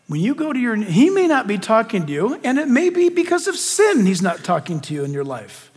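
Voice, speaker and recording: A male pastor delivers an animated sermon to his congregation. His voice sits very high and swings from loud bursts down to hushed, quiet stretches. Long reverb from the large hall trails each phrase. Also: brisk, few pauses.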